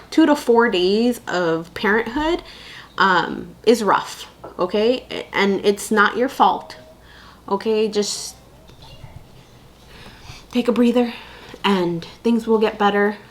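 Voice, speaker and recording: Chatty young mom, candid and rambling. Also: female voice, fairly high pitch. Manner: chatty, candid, full of fillers and asides. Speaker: vlogger giving parenting advice. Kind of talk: casual chat to camera.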